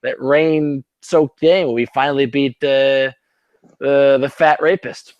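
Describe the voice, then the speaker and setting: A man's voice: medium pitch, steady tone, slow, dull audio. A man co-hosting a casual sports podcast, rambling and swearing with many restarts, a bit tipsy from drinking. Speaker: podcast co-host.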